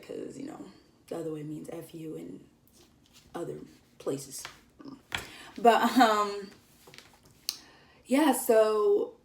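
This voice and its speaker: A woman's voice: medium pitch, darkish tone, far from the mic. A young woman tells a casual vlog story, chatty and giggly, with lots of fillers. She sits a bit back from the mic in an echoey room. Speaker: vlogger.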